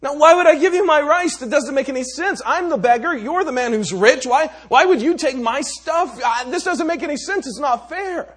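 A man voicing a poor beggar who stammers nervously, then protests in a high, loud voice. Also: moderate pace, husky. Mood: indignant.

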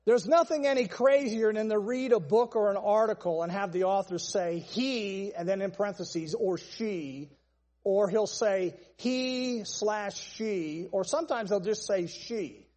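Slow, high-voiced male preacher in hall. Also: darkish tone. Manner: emphatic, repetitive list-style preaching. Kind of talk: sermon.

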